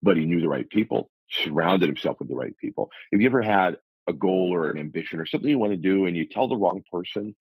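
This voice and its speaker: A man's voice: low voice, animated, quick pace, few pauses, slightly rough, no echo, lo-fi sound. A man on a radio talk show, coaching listeners through numbered self-help steps in an earnest, motivational way. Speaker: life coach guest.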